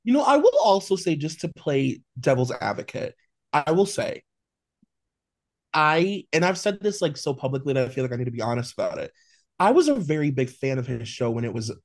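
A man's voice: medium pitch, lively intonation, moderate pace, no echo, clean studio sound. Man ranting on a gossip podcast. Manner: emphatic, ranting, swears. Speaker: podcast co-host. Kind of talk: casual pop-culture chat.

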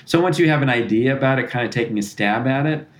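A man's voice: mid-range voice, quick pace. Thoughtful man explaining parenting. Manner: thoughtful, restarts and self-corrects, acts out parent-child dialogue. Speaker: psychologist and author, podcast guest. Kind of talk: conversational explanation.

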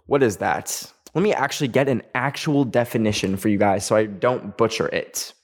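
A man's voice: on the low side, moderate pace, hardly any pauses. A young man from Canada hosting a solo podcast, chatting casually in a rambling, self-mocking way that keeps getting sidetracked. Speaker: podcast host.

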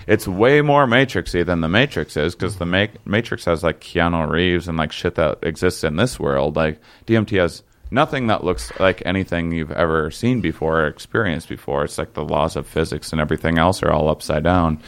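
A young man telling a long story in casual chat, halting and rambling with many fillers and restarts. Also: low voice.

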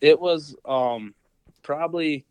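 A man's voice: a little high, slow pace, a little mellow, clear, resonant tone, dry recording, poor audio. Dry-voiced man telling a hunting story. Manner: rambling, many fillers and acted-out quotes. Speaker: podcast guest, deer hunter. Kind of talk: casual storytelling.

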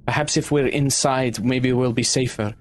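A man voicing a wary young woman who speaks in halting, hesitant phrases. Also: mid-range voice, fairly even intonation, slight background noise, pitched above the performer's own voice, close to an everyday voice.

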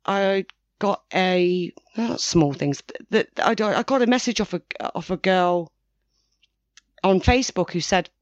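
A woman's voice: lowish voice, a little slow, no room sound, highs cut off. Woman recounting, dry close sound. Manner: rambling, with frequent restarts. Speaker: interviewee. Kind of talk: personal account, casual.

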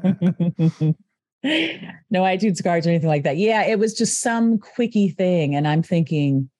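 A woman guest in a casual chat, telling her story in a halting, chatty way with frequent restarts. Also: fairly low pitch, dark tone, dry recording.

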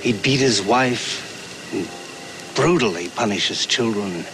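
An actor playing a camp head counselor who slowly tells a grim ghost story by the campfire, with music behind him. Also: male voice, on the low side, background noise. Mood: ominous. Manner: slow, ominous storytelling.

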